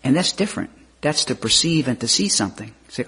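A man preaching a sermon, slow and measured, with rising emphatic questions, often clearing his throat. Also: mid-range voice, big pitch swings, sharp tone.

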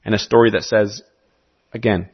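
A man's voice: fairly low pitch, steady tone, normal speed, slightly rough. A man from South America preaching a sermon, telling a story with animation and asking his listeners questions. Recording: slightly muffled recording.

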